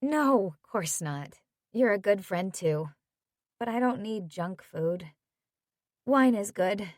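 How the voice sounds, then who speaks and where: A woman reading a soft, glum young woman. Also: medium pitch, expressive, slow, dry recording, studio quality. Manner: soft, wry, downcast.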